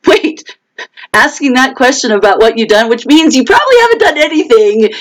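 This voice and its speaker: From the United States, a woman author chats casually on a livestream, talking fast in a high-leaning voice on a rough recording. Animated, she quotes others in raised voices, addresses viewers by name, and has many restarts and short laughs.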